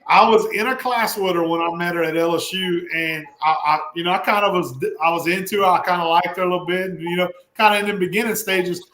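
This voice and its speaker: High, bright-voiced Cajun man telling stories. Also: fast talker, hardly any pauses. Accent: South Louisiana Cajun. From Louisiana. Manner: animated storyteller, laughs often. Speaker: podcast host. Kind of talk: casual chat. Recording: echoey room.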